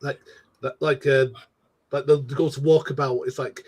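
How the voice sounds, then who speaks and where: A man in casual podcast banter, speaking haltingly and repeating words. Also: mid-range voice, little pitch movement, a little mellow. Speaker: podcast co-host.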